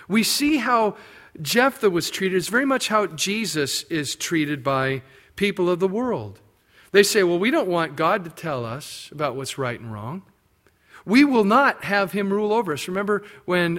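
High-voiced man preaching a sermon. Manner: expository preaching, acting out biblical quotes in raised voices; drops low and quiet for emphasis. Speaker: pastor.

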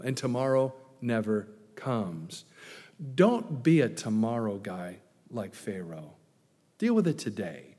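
A man's voice: on the low side, big pitch swings, slow, dark tone. A man preaching a sermon as a pastor, emphatic, with many rhetorical questions. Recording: long hall reverb.

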